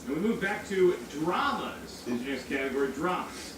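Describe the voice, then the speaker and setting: Joking guy hosting, kinda high voice, heavy room echo and background noise. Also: big pitch swings, moderate pace. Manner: joking, playful countdowns. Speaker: reaction show host. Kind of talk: casual chat reacting to a trivia show. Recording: echoey room, distant mic, background noise.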